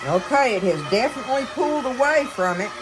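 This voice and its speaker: A woman's voice: a little high, very animated, fairly quick, background noise. A woman hosting a casual home cooking demonstration in her kitchen, chatting folksily and calling her viewers y'all. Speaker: cooking show host.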